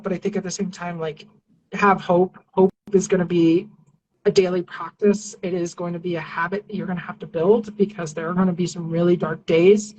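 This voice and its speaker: Earnest woman guest with a low voice. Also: muffled recording. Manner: earnest, reassuring, frequent fillers and restarts. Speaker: civil rights attorney and activist, guest. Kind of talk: casual interview talk.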